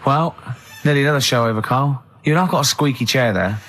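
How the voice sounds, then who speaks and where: An English man hosting a radio show, telling lively anecdotes and teasing his co-hosts in casual studio banter. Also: mid-range voice, quick pace. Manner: animated storyteller, mimics people in his stories, laughs often. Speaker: radio host.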